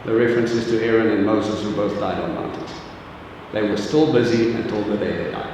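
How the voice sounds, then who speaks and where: A man's voice: lowish voice, a little fast, a little mellow, slight background noise. A man preaching an informal sermon to a congregation, chatty and joking, often putting questions directly to the audience. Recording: echoey hall, distant mic, faint ambience.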